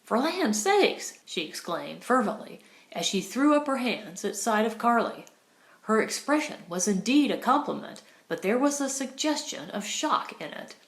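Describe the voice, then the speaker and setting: A woman narrating an audiobook in a measured, expressive storytelling manner. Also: on the high side. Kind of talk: scripted narration. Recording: roomy echo.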